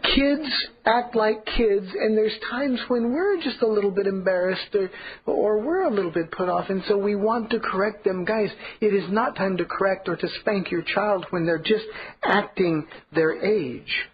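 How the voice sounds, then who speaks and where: A man's voice: high voice, a little slow, highs cut off, a little hiss or hum. A man preaching a sermon as pastor, earnest and emphatic, repeating key points.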